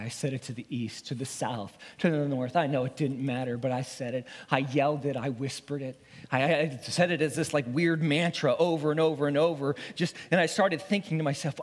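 A male pastor delivering a dramatic first-person sermon monologue, emotional and swinging from pleading to hushed whispers. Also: medium pitch, normal speed. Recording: long reverb of a large hall.

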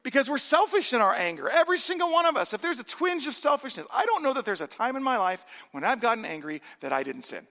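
A man's voice: very high voice, big pitch swings, quick pace, hardly any pauses, sharp tone, long reverb tail. A man in his forties, a pastor preaching a sermon in a church in a conversational way, with self-deprecating humor. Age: 40s. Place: church sanctuary.

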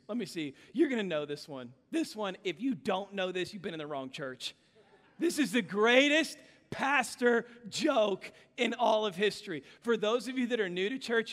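High-voiced pastor preaching in an echoey hall. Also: male voice, a bit bright. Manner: emphatic, repetitive, humorous. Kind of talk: sermon. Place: church.

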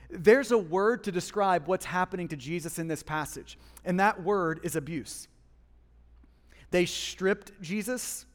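A man preaching a sermon as pastor, with passionate swings between hushed and loud emphasis, speaking in a church. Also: high voice, in a large hall. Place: church hall.

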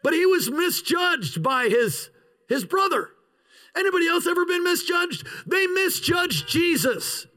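High, bright, animated male preacher. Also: poor audio. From United States. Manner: animated preacher, bursts into shouts, slows for emphasis. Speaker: pastor. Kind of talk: sermon.

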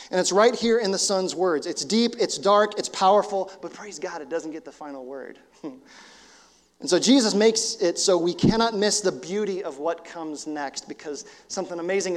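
A male pastor giving a conversational sermon, acting out quotes as he teaches. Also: sits high. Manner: conversational preaching with acted-out quotes. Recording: long church reverb.

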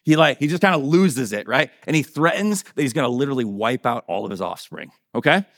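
A man's voice: medium pitch, expressive, brisk, a bit bright, dry recording, studio quality. A male pastor preaching a conversational sermon in a church, often checking in with his listeners by asking "right?" and "okay?".

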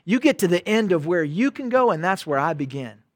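Pastor, male, high voice, dry close sound, casual preaching with loud-soft swings. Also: very animated, brisk, no echo. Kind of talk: sermon.

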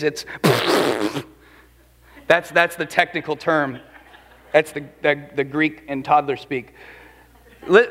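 With a high voice echoing in a big room, a pastor gives an animated sermon. He speaks conversationally and often turns to his listeners with questions.

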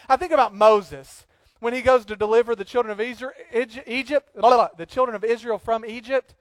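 A preacher delivers a lively sermon, jumping into playful acted-out asides. His voice sits high for a man, and the recording is close and dry with no room echo. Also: a little fast. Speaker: pastor.

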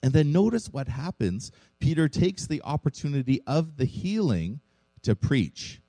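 Man, pastor, sermon, earnest rhetorical questions, mellow low voice, dry close sound. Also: sing-song, a little slow, no echo, low-quality recording.

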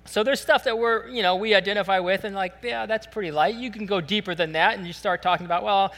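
A man preaching a sermon in a relaxed, conversational storytelling way, with many fillers. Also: high-pitched, fast, long reverb tail. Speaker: pastor.

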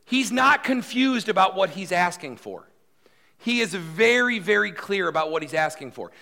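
A man's voice: sits high, lively intonation, normal speed, gravelly, bright, forceful tone. Emphatic conversational male preacher. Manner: emphatic, conversational, acts out quotes. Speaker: pastor. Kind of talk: sermon.

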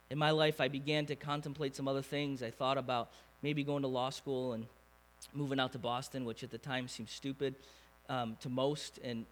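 A man, preaching a conversational sermon full of questions to the congregation. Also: on the high side. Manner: animated, conversational preaching with rhetorical questions to the crowd. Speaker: pastor.

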